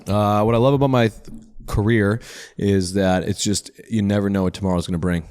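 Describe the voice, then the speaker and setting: A man's voice: on the low side, fairly even intonation, brisk, a little mellow, clean tone, no echo. A man talking as a podcast guest in casual chat, rambling through profane, self-deprecating stories.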